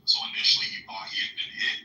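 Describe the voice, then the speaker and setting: A man's voice: fast talker, pushed and bright, echoey room, far from the mic, a little hiss or hum, poor audio. A man telling profane, rambling stories in a casual chat.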